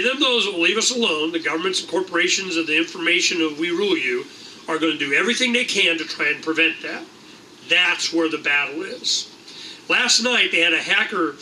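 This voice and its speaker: Brief: middle-aged man, meeting host, rambling and irreverent, high bright voice, picked up from across the room. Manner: rambling, irreverent, swears casually. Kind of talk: animated casual talk to a room. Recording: distant mic in a room, faint noise.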